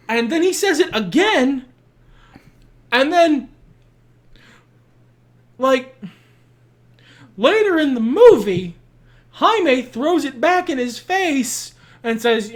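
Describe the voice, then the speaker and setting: A woman's voice: sits high, expressive, slow, pauses often. A woman co-hosting a podcast, ranting emphatically about a film in casual chat and swearing freely. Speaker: podcast co-host.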